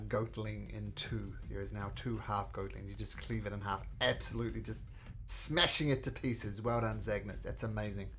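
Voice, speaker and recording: A man narrating as game master in a tabletop game, describing attacks and rolls in a lively way. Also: on the low side. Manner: lively, voices monsters and reads out rolls. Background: background music.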